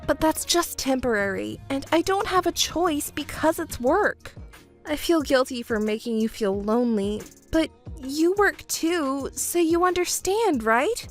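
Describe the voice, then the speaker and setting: A woman's voice: high-pitched, expressive, measured pace, soft background music. A woman voicing a young overworked fiancée who pleads and argues back defensively. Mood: pleading. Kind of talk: texting story voice acting.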